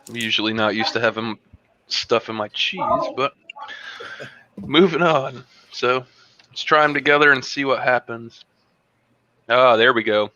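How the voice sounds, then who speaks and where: A man hosting a casual online tasting show, describing a beer and a cheese in a relaxed, rambling way with plenty of fillers. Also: medium pitch, muffled recording, slight background noise. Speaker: host reviewing beer and cheese. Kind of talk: casual tasting review on a video call. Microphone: video call.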